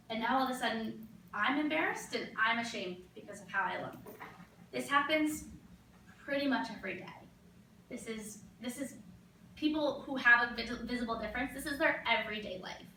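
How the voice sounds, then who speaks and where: A woman's voice: on the high side, normal speed, sharp tone, slight background noise. A young woman giving a graduate capstone presentation, earnest and explanatory, with frequent ums, in a classroom. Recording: echoey room, recorded from a distance.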